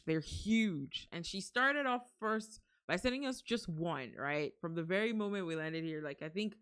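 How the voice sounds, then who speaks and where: A young woman streaming from home, chatting casually with her viewers, excitable and rambling, often breaking into gasps and laughs. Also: on the low side, moderate pace, clean tone. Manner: rambling, restarts sentences. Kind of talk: casual live-stream chat.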